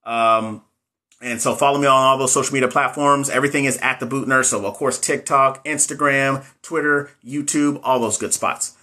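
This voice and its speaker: Bright-voiced man chatting casually on a livestream. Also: mid-range voice, fairly even intonation, normal speed. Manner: candid, rambling, frequent fillers and restarts. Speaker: nursing exam coach. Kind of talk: casual livestream chat answering viewers.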